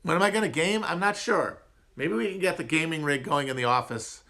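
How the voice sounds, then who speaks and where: A man with a nasal upper Midwest twang chats casually on a livestream, wandering from point to point and poking fun at himself. His voice sits a little high and comes out bright and pushy. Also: lively intonation, a little fast, creaky. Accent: upper Midwest American. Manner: rambling, digressive, self-mocking. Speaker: podcast host answering chat.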